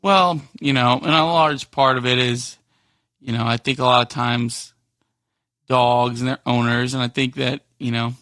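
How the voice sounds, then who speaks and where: Give me a young man in casual podcast chat who hedges and restarts, with a bright tone. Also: mid-range voice, fairly even intonation, a little slow, dry recording, clean studio sound. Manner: hesitant, many fillers and restarts when making a point. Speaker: podcast co-host.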